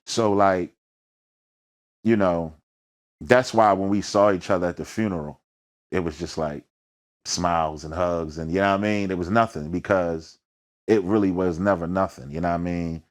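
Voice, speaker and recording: A low-voiced man with a Philadelphia accent sits down for an interview about his rap career. He talks in thick slang and tells his stories with energy, acting out the voices and sounds in them. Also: fairly even intonation, normal speed. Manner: slangy, peppered with "you know what I mean". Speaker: rapper, interview guest. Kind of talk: storytelling in a sit-down interview.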